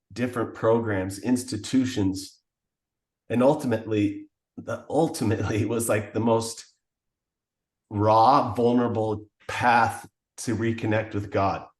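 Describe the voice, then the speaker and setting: A man's voice: on the low side, fairly even intonation, unhurried, reverberant. A man telling the story of his past as a podcast guest, in an earnest, emotional way. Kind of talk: personal testimony.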